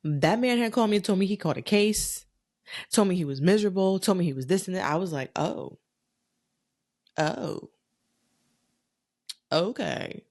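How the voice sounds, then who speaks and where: A young adult woman hosting a solo podcast, telling a personal story in a frank, profane, animated way. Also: medium pitch, fast talker. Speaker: podcast host.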